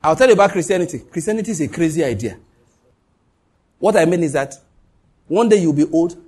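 A man's voice: a little high, animated, a little fast, a little mellow, breathy edge. A man preaching a sermon as pastor, emphatic, repeating key lines and dropping joking asides.

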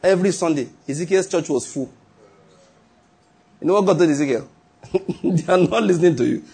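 Husky pastor preaching. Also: male voice, a little high, brisk, mellow. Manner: emphatic, repetitive preaching with acted quotes and chuckles. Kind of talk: sermon.

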